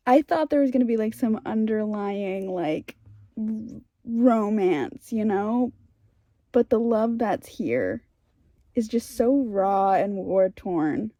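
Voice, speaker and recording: A young woman talking casually in a reading vlog, emotional and ranting, swinging from hushed asides to exasperated outbursts, tired from lack of sleep. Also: medium pitch, animated, slow pace, dry recording. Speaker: book vlogger.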